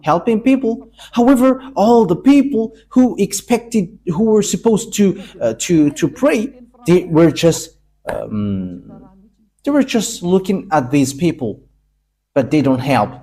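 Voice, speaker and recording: Male preacher, emphatic sermon delivery, mellow dark tone. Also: sits high, big pitch swings, slow pace. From Madagascar. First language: Malagasy.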